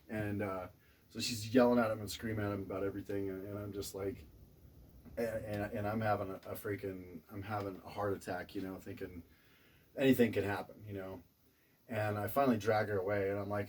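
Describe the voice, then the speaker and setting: A man's voice: lowish voice, steady tone, brisk, a little mellow, distant mic, slight background noise. A man casually telling a funny personal story, rambling with lots of fillers, restarts and chuckles.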